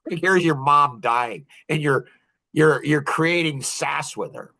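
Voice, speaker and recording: A man's voice: fairly high pitch, slow pace, creaky, bright, forceful tone. A man in his fifties hosting a podcast, telling rambling stories in casual chat and chuckling often. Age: 50s. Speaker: podcast host.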